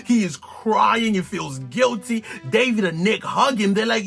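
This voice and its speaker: A man giving an excited, slangy recap of a TV show, laughing and exclaiming often. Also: high-pitched, a little slow, vocal fry, hardly any pauses, slightly rough, soft background music. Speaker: TV recap vlogger.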